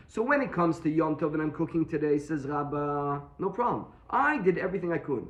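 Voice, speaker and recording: Man teaching a Talmud class, higher voice. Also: expressive, fairly quick, few pauses, fairly bright tone, echoey room. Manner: explains step by step, repeats points and asks rhetorical questions.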